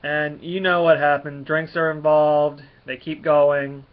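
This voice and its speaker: A man's voice: a little high, flat delivery. Rambling man with a dull lo-fi sound. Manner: rambling, halting, frequent fillers. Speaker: comic book reviewer. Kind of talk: casual spoken comic review.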